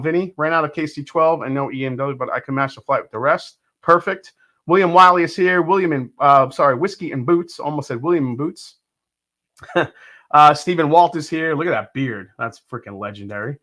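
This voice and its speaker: A man's voice: a little high, fairly bright tone. A man hosting a casual livestream, greeting viewers by name and thinking aloud as he tastes. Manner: thinks aloud while tasting. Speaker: livestream host.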